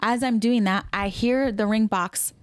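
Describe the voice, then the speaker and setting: A woman in her thirties co-hosting a podcast, telling a story in a chatty, quick casual style. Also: fairly high pitch, steady tone, clear, resonant tone, no echo, studio quality. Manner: chatty storyteller, quick asides, laughs easily. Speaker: podcast co-host. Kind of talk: casual chat.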